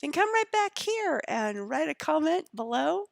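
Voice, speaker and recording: An upbeat woman hosts an interview and signs off warmly to her viewers. Her pitch is animated and shot through with vocal fry. She laughs easily, and the sound is close and dry. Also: a little slow, dry recording. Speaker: podcast host and mentor. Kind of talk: interview and video sign-off.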